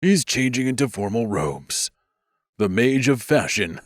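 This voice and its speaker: A man's voice: mid-range voice, sing-song, measured pace, dry recording, pitched above the performer's own voice. A man voicing a dry-witted, smirking mage who speaks plainly.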